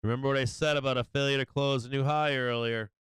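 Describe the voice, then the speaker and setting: Excitable, profane man calling the market. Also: medium pitch, quick pace, clear, resonant tone, no room sound, poor audio. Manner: excitable, profane, repeats himself. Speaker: livestream market commentator. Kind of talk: casual live trading commentary.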